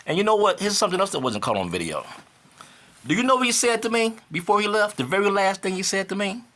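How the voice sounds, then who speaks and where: A man's voice: high voice, big pitch swings, quick pace, sharp tone. A man in his fifties talking casually to camera in a vlog, repeating himself for emphasis and rising to indignant outbursts. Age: 50s. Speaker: vlogger.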